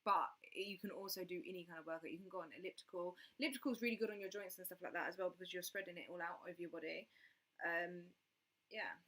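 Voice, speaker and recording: A woman hosting a casual livestream, her voice bright and forceful. She rambles along in a chatty way, full of fillers and restarts. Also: lowish voice, quick pace. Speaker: livestream host.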